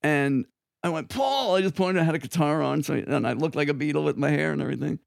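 An older man from Long Island, a guest musician telling rambling, animated stories with frequent asides in an interview. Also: a little high, fast, gravelly, dry recording, clean studio sound. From Long Island, New York. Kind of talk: anecdotal storytelling in an interview.

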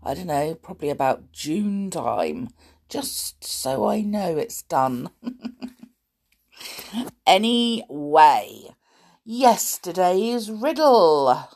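A woman hosting a storytelling show, croaky from a sore throat, chatting playfully to young listeners. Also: fairly low pitch, very slow, long pauses. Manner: playful, animated, with gasps and little laughs.

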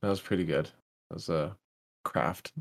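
A man's voice: low-pitched, moderate pace, vocal fry. A man co-hosting a casual podcast chat, laughing often and swearing freely as he retells things. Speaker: podcast co-host.

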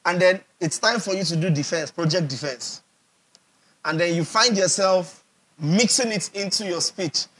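A Nigerian man preaches in a high, husky voice. He hammers points home by repeating phrases and keeps asking his listeners whether they follow him. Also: normal speed, fairly bright tone. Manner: emphatic, repeats phrases for effect, asks the audience questions. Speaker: pastor. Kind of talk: sermon.

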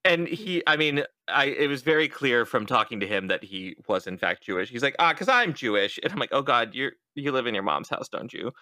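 A man's voice: medium pitch, brisk, few pauses, dry recording. A young adult man hosting a podcast, telling a story in casual chat and acting out the quotes. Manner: animated storyteller, acts out quotes. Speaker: podcast host.

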